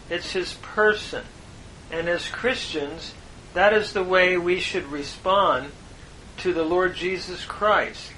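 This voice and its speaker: A man giving a devotional Bible lesson, explaining Hebrew words slowly and with measured emphasis. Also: on the high side, bright, forceful tone, slight background noise, low-quality recording. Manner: slow, measured teaching with emphatic stresses. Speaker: Bible teacher.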